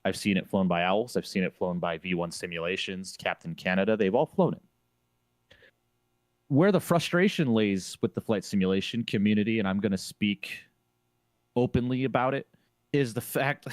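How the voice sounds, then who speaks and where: A man's voice: lowish voice, animated, moderate pace, no echo. A man on a streamer panel discussion, talking emphatically and opinionatedly, repeating phrases to drive his point home. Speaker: flight sim streamer on a panel.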